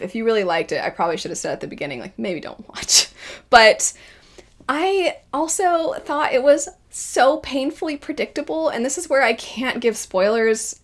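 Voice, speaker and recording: A woman reviewing a series in a casual spoken style, lively and acting out her own quoted reactions. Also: medium pitch, a little fast. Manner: animated, acts out quoted reactions. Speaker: video reviewer.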